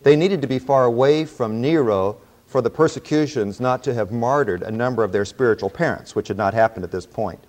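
A man lecturing on the Bible to a class, mixing explanation with homespun anecdotes. His voice sits at an ordinary middle pitch, and his delivery is easygoing and conversational. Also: fairly quick. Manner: relaxed storytelling with folksy asides. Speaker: Bible teacher.

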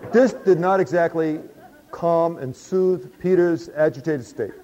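Warm-toned and fairly high, his voice pushed up yet close to everyday speech, an actor plays a tax collector turned disciple. He confides his story in a folksy dramatic monologue with dry humor, and the recording is dull and lo-fi.

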